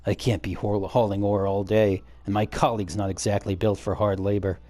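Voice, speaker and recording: A man's voice: on the low side, level tone, a little fast, darkish tone, pitched below the performer's own voice, close to an everyday voice. A man voicing a weary, grumbling researcher who hauls ore, reading game dialogue in a matter-of-fact way.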